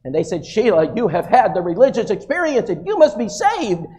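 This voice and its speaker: A man voicing an excitable churchgoing woman who breathlessly and dramatically tells her conversion story. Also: sits high, a little fast. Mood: proud.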